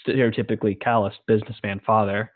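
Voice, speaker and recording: A man's voice: on the low side, little pitch movement, quick pace, dry recording. A young man co-hosting a casual chat show, talking at length with enthusiasm and acting out scenes he describes. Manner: rambling, enthusiastic, acts out movie scenes. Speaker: podcast co-host. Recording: dry, phone-like lo-fi sound.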